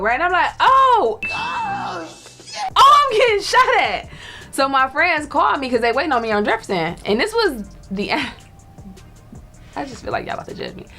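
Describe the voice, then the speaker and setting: A woman's voice: sits high, sing-song, a little fast, fairly bright tone, soft background music. A young woman telling a story in casual chat, laughing and acting out the voices of people she quotes. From Detroit. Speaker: guest storyteller.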